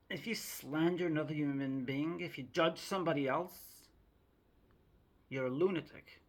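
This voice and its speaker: A woman's voice: sits low, normal speed. A woman vlogger telling a story in a chatty, self-mocking monologue to the viewer.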